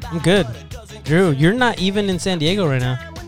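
Guy hosting a podcast on a video call, kinda high voice, upbeat, laughs a lot, some music faint behind. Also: lively intonation, normal speed. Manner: upbeat, laughs often, rambling. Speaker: podcast host. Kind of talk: casual podcast chat over video call.

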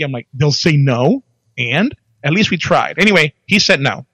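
Animated man telling a work story. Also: moderate pace, breathy edge, no room sound, low-quality recording. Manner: animated, jumps up in pitch when quoting himself. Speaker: podcast guest telling his career story. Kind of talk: casual storytelling chat.

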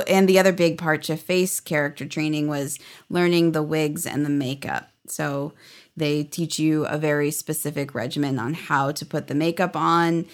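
A woman in her thirties, chatty and upbeat, telling stories as an interview guest. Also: sits low. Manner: chatty, upbeat, laughs often. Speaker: guest, former theme park character performer. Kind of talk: casual interview storytelling.

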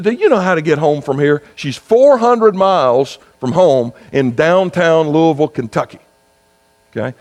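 A man, preaching a sermon in a conversational storytelling style that builds to fervent exhortation. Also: on the high side. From South Carolina. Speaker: pastor. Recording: long reverb with mains hum.

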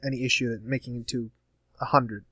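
A man's voice: medium pitch, steady tone, a little fast, bright, forceful tone, no room sound. A man in casual chat giving frank, opinionated commentary on comics. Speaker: comics podcast co-host.

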